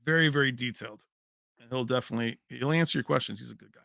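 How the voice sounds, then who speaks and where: A man's voice: medium pitch, very fast, vocal fry, bright, forceful tone, dry recording, studio quality. A man hosting a tech livestream in a casual, chummy way, chatting with viewers and calling them baby. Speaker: tech channel host.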